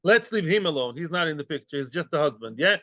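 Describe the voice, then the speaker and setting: A man's voice: a little high, expressive, fast talker, a bit bright, dry recording, lo-fi sound. A man teaching a Talmud class, joking and quizzing his students with questions as he goes.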